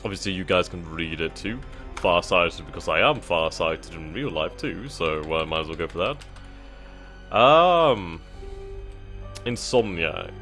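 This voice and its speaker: A man's voice: deep voice, lively intonation, measured pace, faint music behind. A man hosting a game let's-play, reading the screen aloud and musing as he picks options, with hesitations. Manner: reads on-screen text aloud, thinks out loud with hesitations. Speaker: gaming channel host. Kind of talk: casual let's-play commentary.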